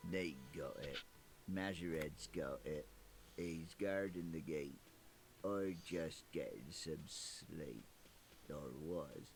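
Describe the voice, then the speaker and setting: A sleepy grumpy dock worker. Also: male voice, a bass voice, slow pace, noisy background, exaggerated voice. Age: 30s. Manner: drowsy, grudging, matter-of-fact. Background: game music.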